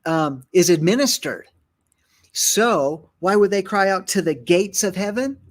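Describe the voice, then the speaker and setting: A man hosting a Bible teaching show, thinking aloud with many fillers and restarts and reading scripture aloud. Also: high-pitched. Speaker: ministry host and Bible teacher. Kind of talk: conversational Bible teaching on a broadcast.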